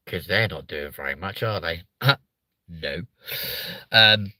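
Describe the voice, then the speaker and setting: A man's voice: low voice, slow pace, long pauses, bright, forceful tone, no room sound. A young man hosting a live stream, chatting with viewers in a sweary, joking, rambling way. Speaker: live show host.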